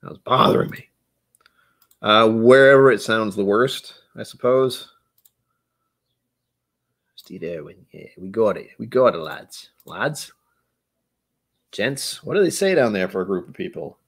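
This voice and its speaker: A man with a slightly low voice talks casually while tasting whiskey on his stream. He rambles and jokes, answering his chat as he goes. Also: lively intonation, normal speed, a bit bright.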